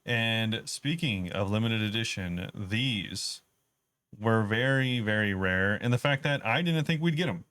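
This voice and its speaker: A man's voice: on the low side, lively intonation, a little slow, a bit bright, no echo, studio quality. A man co-hosting a casual gaming podcast, explaining game updates in an easygoing, detailed way. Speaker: podcast co-host.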